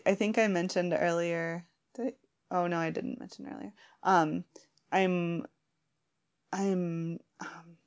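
Female guest, low gravelly voice, giggly and rambling answers. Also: a little mellow. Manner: giggly, rambling, many fillers and restarts. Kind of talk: casual chat.

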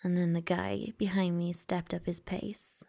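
Slow, whispering woman with a gravelly edge. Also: on the low side, flat delivery. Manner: soft, intimate, mostly whispered delivery. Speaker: storyteller. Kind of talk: whispered story narration.

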